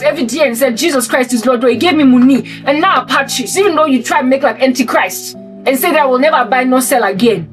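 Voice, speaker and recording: South African woman, high pitch, animated preachy vlog rant, slightly distant mic, faint music bed. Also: a little fast. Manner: animated, preachy, repeats rhetorical questions. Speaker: Christian vlogger. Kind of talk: ranting satirical monologue to camera.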